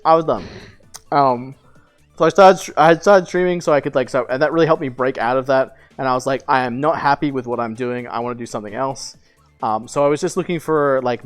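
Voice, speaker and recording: A man in his twenties, speaking at medium pitch, streams while telling a long personal story in a casual chat. He rambles, uses fillers, restarts, and swears casually.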